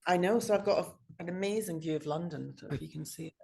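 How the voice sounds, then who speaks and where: A woman actor with a lowish voice chats on a video call. She is effusive and chatty, piling up quick asides. The sound comes from an office. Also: vocal fry, a little mellow. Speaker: actor, podcast guest. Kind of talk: casual chat. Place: office high above a city.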